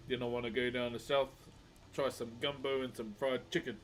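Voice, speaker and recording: Carving wood while he talks, a New Zealand man chats easily with viewers on a live stream, greeting everyone as bro. His mid-range voice barely moves in pitch and comes out brisk, with a faint hiss or hum in the recording.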